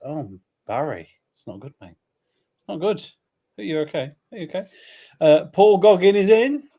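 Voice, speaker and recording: A man's voice: mid-range voice, mellow. Rambling joking man reading out comments. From England. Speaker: live stream co-host. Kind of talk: casual chat reading viewer comments.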